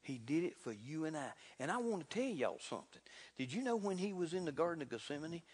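A man preaching a sermon in a folksy, fervent way, building to loud exclamations. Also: fairly high pitch, sing-song, quick pace, husky. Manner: folksy, repeats "look here". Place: church sanctuary. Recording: reverberant church hall.

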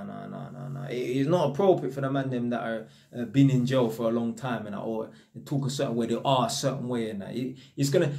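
A young man with a London accent, talking casually to camera in street slang and telling stories with energy. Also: medium pitch. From North London. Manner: slangy street talk, animated storytelling. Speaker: vlogger.

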